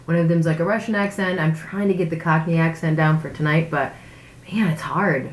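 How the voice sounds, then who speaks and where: A woman's voice: deep voice, steady tone, fairly quick. A voiceover artist chatting casually, curious and talkative, with a woman's voice. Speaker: voiceover talent. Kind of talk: casual chat. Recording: echoey room, faint ambient noise.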